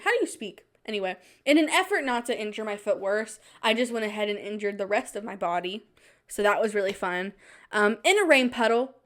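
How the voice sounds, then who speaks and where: A young woman hosting a podcast, telling a self-mocking story in a casual, animated way with quick asides. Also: a little high. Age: young adult. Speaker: podcast host.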